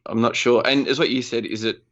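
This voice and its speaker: A man's voice: medium pitch, steady tone, a little fast, fairly bright tone, highs cut off. A man co-hosting a gaming podcast, chatting casually and rambling with lots of "like" and "um". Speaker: podcast co-host. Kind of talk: casual chat.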